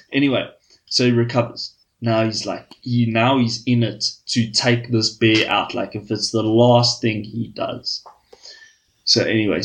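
A man's voice: mid-range voice, fairly bright tone, rough recording. Guy on a podcast telling a filthy joke, swears a lot, rambles, keeps saying right. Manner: crude, swears freely, rambling with fillers like "flippin'" and "right?". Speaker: podcast host.

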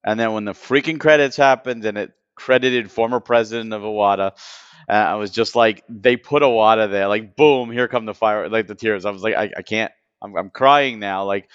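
Male podcast co-host, emotional and chatty; smooth tone, dry, slightly dull recording. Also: on the low side, steady tone, fairly quick, no echo. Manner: enthusiastic, emotional, repeats words. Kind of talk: casual podcast chat.

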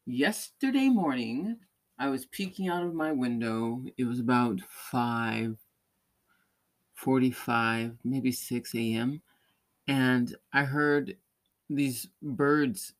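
A man of middle pitch hosting a relaxed talk show, wandering through an anecdote. He keeps restarting his sentences and laughs lightly as he goes, in easy, casual chat. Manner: rambling storytelling with many restarts and light laughs. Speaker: podcast host; parent or caregiver.

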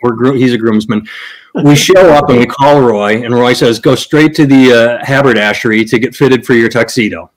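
A man's voice: mid-range voice, moderate pace, rough recording. Rambling, profane male storyteller. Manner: rambling, profane, restarts, acts out quoted people. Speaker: podcast host telling a story. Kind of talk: casual storytelling chat.

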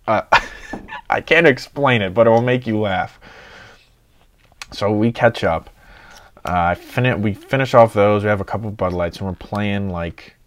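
Young man telling a rowdy story. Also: lowish voice. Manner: excitable, swears a lot, acts out friends' lines. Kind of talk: casual storytelling.

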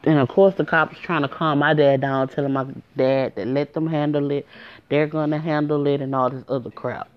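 A woman's voice: low-pitched, fairly even intonation, moderate pace. A woman telling a personal story to her viewers in a casual, emotional way, talking straight to them. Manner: emotional, conversational, addresses viewers directly. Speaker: storyteller vlogger. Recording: dull lo-fi recording.

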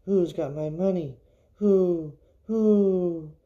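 A man voicing the ghost of a dead woman in a spooky told story, wailing high as he demands his money back. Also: drawn-out words, mellow, dull audio. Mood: moaning. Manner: high moaning wail, rising on each cry.

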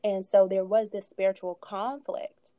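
A woman in her thirties shares her personal story as a podcast guest. She speaks in a mellow, warm tone and keeps it conversational with asides and light laughter. The recording is close and dry, with no room sound. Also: medium pitch, level tone, unhurried, no echo.

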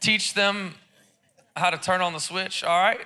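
A man's voice: sits high, steady tone, a little slow, sharp tone, smooth. A man preaching a sermon in church, casual and joking, with lots of repeated words and restarts. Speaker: pastor. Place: church service.

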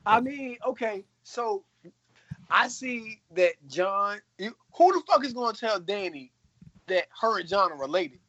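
A podcast co-host in casual chat, reacting bluntly and profanely, with a husky voice. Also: medium pitch, expressive, a little slow, sharp tone, highs cut off.

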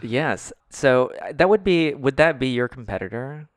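A man's voice: mid-range voice, expressive, normal speed, no echo, studio quality. A man co-hosting a podcast, chatting casually in a playful, teasing way. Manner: playful, teasing, laughs often. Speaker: podcast co-host. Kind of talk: casual chat.

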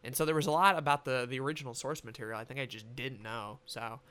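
A man's voice: medium pitch, fairly even intonation, quick pace, a bit bright, clean tone. A young man giving a rambling, casual movie review, swearing freely and talking with animation. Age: young adult.

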